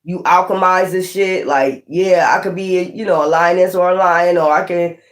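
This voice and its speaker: Tarot reader, casual reading, streetwise slang, swears a lot, repeats points, mid-pitched voice. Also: fairly even intonation, moderate pace, a bit bright. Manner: rambling, profane, streetwise slang.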